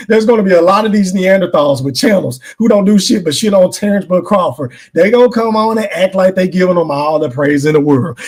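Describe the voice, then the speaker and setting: A man's voice: sits high, husky. A man hosting a podcast, giving an emphatic, profane boxing opinion rant and talking straight to his live chat. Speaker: podcast host.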